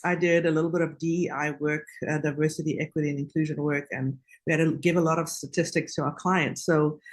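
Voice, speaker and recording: A woman telling stories as a radio guest, chatty and quick to laugh, with many fillers. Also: low voice, steady tone. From South Africa. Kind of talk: casual radio anecdote.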